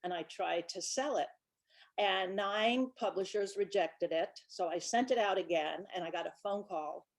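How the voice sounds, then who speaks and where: A woman in her sixties, a children's book author, chatting through stories from her life in a relaxed presentation. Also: mid-range voice, moderate pace. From Brooklyn, New York. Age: 60s. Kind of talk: casual storytelling presentation.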